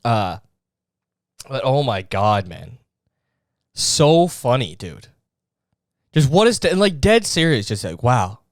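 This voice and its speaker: A man's voice: medium pitch, big pitch swings, slow pace, pauses often, dry recording, studio quality. A young man hosting a comedy podcast, rambling and swearing with lots of filler words. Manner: rambling, profane, full of fillers. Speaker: podcast host.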